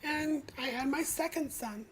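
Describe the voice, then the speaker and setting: A woman hosting a podcast live stream, telling her own story in a candid, confessional way with halting pauses. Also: high voice, a little hiss or hum, poor audio. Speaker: podcast host.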